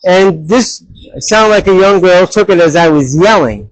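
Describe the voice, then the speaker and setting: A man working as a hot rod mechanic in his garage, talking bluntly and loudly in a casual vlog while wearing a headset. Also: high-pitched, animated, measured pace, dry recording, low-quality recording. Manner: blunt, direct and talks loud. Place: car garage. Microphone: headset mic.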